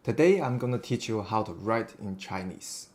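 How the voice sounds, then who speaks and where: A man giving a casual lesson at his computer in a halting, self-deprecating way, with many fillers. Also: on the low side, animated, loud music behind the voice. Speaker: teacher.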